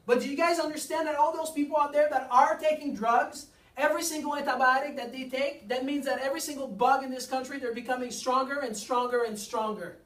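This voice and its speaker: Emphatic chiropractor lecturing in an echoey room. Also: male voice, extremely high pitch, steady tone, brisk, few pauses, fairly bright tone. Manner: emphatic, repetitive, with rhetorical questions. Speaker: chiropractor giving a health seminar. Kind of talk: seminar lecture to a live audience. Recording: echoey room, mic far off.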